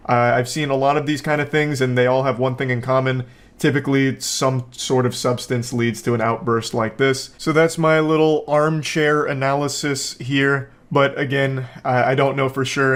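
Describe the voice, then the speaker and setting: A man hosting a comedic commentary on a viral video, talking in a sarcastic, deadpan way. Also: mid-range voice.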